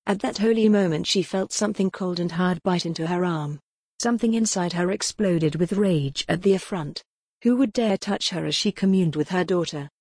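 A woman reading a gothic novel aloud as the audiobook narrator, in a measured, dramatic storytelling manner. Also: lowish voice, darkish tone, breathy edge, dry recording, studio quality. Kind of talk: scripted narration.

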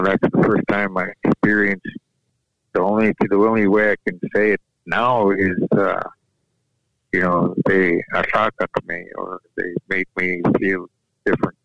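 A man whose first language is Yup'ik, telling a personal story in an unhurried, halting way, often restarting his sentences. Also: low voice, gravelly, a bit bright, no room sound. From Alaska. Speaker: guest sharing a personal story. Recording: dull lo-fi dry recording.

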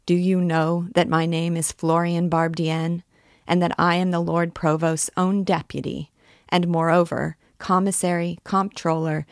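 A woman's voice: lowish voice, no echo, clean studio sound, natural voice. A woman voicing a pompous, long-winded male magistrate's deputy who grandly lists his own titles.

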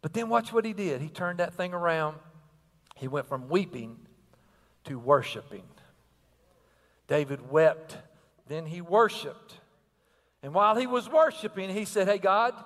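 A man's voice: high voice, lively intonation, a little slow, pauses often, a bit bright, in a large hall. An older man preaching a sermon with energy and rhythm, asking the crowd questions and repeating phrases. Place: church sanctuary.

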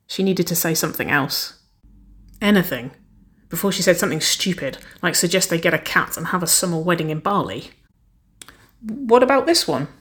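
A woman reading a romance story aloud as narrator, in an even, unhurried storytelling voice. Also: sits low. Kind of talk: scripted narration of romance fiction.

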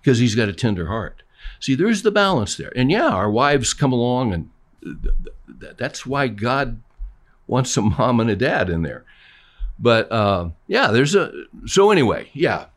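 With big swings in pitch and a slightly slow pace, the older pastor speaks in a mid-range voice. He co-hosts casually, spinning stories and voicing each side of the conversations.

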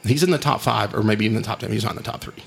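A man's voice: fairly low pitch, creaky, husky. A man hosting a podcast, chatting casually in a joking, rambling way. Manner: joking, rambling, quick to laugh. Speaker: podcast host.

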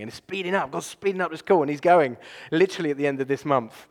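A man preaching a sermon as a pastor, conversational and animated, with many filler phrases. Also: a little high, quick pace. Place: church. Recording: long reverb of a church hall.

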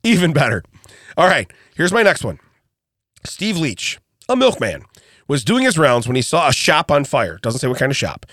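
An older man with a fairly high, lively voice that swings up and down as he spins jokes. He laughs through his stories on a podcast recorded in a dry studio. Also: moderate pace, no room sound. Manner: animated storytelling, laughs often. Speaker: podcast co-host. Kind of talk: casual comedic chat.

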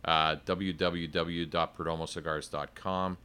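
A man's voice: sits low, little pitch movement, a little slow, sharp tone, clean tone. A man who is a cigar company sales rep, explaining in detail in a playful, casual podcast chat.

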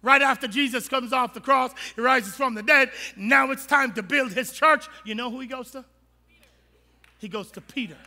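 A male pastor preaching a sermon in an animated, humorous and colloquial way, in a church sanctuary. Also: very high-pitched, normal speed. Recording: long reverb of a large hall.

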